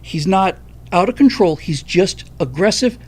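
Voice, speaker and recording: A man hosting a livestream, telling a personal story in an animated, profane way. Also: sits high, measured pace. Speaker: livestream host.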